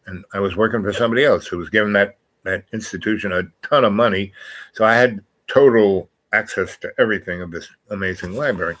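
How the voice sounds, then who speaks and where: An older man with a fairly low voice rambles through a loose, casual monologue. He drifts between thoughts, corrects himself mid-sentence and reads bits aloud from a screen. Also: fairly bright tone, rough recording. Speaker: channel host.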